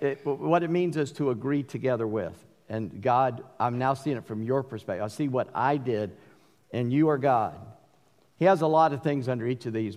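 A middle-aged man with a Southern accent preaching a sermon, mixing forceful emphatic bursts with folksy asides. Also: mid-range voice. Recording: long hall reverb.

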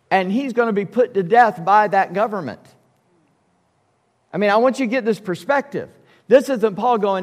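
A man's voice: sits high, big-room sound. A male pastor preaching a sermon in an emphatic, conversational way with casual asides. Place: church sanctuary.

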